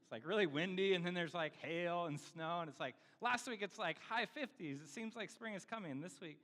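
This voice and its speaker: A man's voice: sits high, brisk, a bit bright. A man preaching a sermon in a casual, conversational way, with many fillers and self-deprecating asides. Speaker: pastor. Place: church sanctuary. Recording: reverberant church hall.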